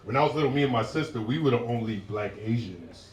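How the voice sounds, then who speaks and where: A man's voice: medium pitch, quick pace, a little hiss or hum. A male stand-up comedian doing a profane set with crowd work, breaking into acted voices. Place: live comedy show with passersby nearby. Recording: roomy live sound from a distant mic with audience.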